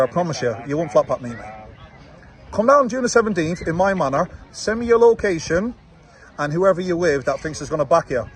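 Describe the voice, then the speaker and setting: Confrontational Manchester man, higher-pitched. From Manchester, England. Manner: confrontational, with taunting tags like "yeah?". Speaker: fight promoter. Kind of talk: direct-to-camera reply video. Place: outdoors, watching football.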